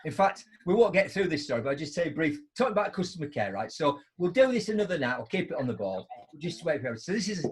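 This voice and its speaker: Middle-aged man, motivational speaker, anecdotal storytelling, husky voice, animated pitch. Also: quick pace. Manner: chatty, anecdotal, keeps asking "right?". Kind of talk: storytelling on a live online show. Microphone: video call.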